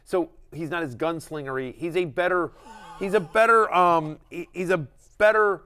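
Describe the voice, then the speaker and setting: A middle-aged man chatting casually about football in a fairly high voice. He gets excited and rambles, often restarting his sentences as he talks it through. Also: normal speed. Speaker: fantasy football show host. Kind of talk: casual sports chat.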